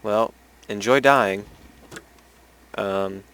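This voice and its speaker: A man's voice: lowish voice, drawn-out words, a bit bright, smooth, low-quality recording. A man casually commenting while playing a role-playing game, offhand and sarcastic, with some swearing. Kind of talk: let's play commentary.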